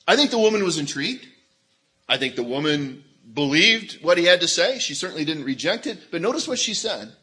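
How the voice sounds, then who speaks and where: A middle-aged man delivers a sermon from the pulpit, his voice sitting a little high and coming across bright and forceful. He preaches in an animated way, dropping into the voices of the people in the story as he tells it. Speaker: pastor.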